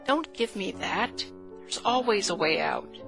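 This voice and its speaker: A woman's voice: mid-range voice, huge pitch swings, measured pace, fairly bright tone, faint music behind. A woman playing a sarcastic, defiant character who snaps back at the narrator. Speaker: protagonist in a comic audio story.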